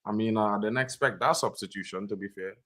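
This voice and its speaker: A man hosting a fan livestream, reacting live to a football match in slangy chat and breaking into loud high yells at big chances. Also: fast, a little hiss or hum.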